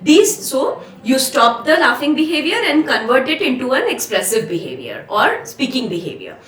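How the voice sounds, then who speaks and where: A woman's voice: high-pitched, sing-song, normal speed, a bit bright. A woman pediatric neurologist with an Indian English accent, patiently explaining to parents and repeating the key steps through examples. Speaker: pediatric neurologist and behavior analyst. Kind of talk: explanatory parent guidance talk. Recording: roomy echo from some distance with faint music.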